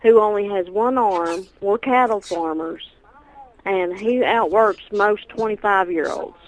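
A woman's voice: medium pitch, unhurried, rough recording. Female caller, farm wife, brash joker. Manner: brash joke-telling. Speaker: caller, cattle farmer. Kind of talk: call-in to a radio show.

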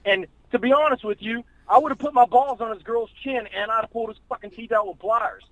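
A man's voice: very high voice, steady tone, a little fast, no echo, poor audio. A man in a podcast co-hosting chat, telling a boastful story and ranting in a brash, profane, macho way. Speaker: podcast co-host. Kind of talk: boastful comic rant.

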